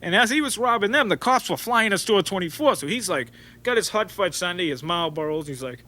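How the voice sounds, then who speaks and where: A man's voice: sits high, fairly quick. A man, telling rambling stories in an interview and acting out quotes as he goes. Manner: rambling and animated, with frequent restarts and acted-out quotes. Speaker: interview guest. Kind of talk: storytelling interview.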